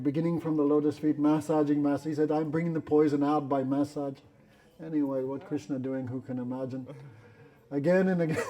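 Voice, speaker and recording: Animated male storyteller teaching a class. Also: a little high. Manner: animated storyteller, laughs often, non-standard English grammar. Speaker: spiritual teacher.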